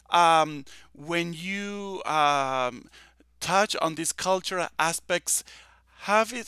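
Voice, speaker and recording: A male host asking measured, polite questions in an interview. His voice sits a little high, smooth and resonant. It is recorded dry, with no room sound. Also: pushed and bright, no room sound.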